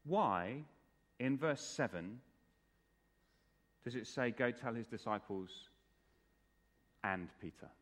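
A man preaching from the platform of a church, his voice sitting in the middle of the usual male range. He talks earnestly, dropping to hushed, soft passages and then pressing key lines with more force. The long reverb of the church hall trails after each phrase. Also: medium pitch, expressive, slow, pauses often. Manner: earnest, shifts between soft hushed lines and raised emphatic ones. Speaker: pastor. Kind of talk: sermon.

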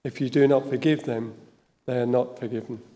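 A man's voice: mid-range voice, fairly even intonation, mellow, lightly acted. A man reading a solemn northern Jesus. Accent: Northern English. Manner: slow, solemn delivery. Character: Jesus risen, calm grown man. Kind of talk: Bible reading in parts. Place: church. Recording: church hall reverb.

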